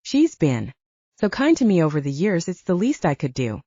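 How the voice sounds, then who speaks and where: A teasing young werewolf woman with a brisk, playful way of talking, as a woman reading the audiobook puts her on. Her tone is mellow and rises and falls freely. The recording sounds dull and lo-fi. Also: lowish voice, very animated, dry recording.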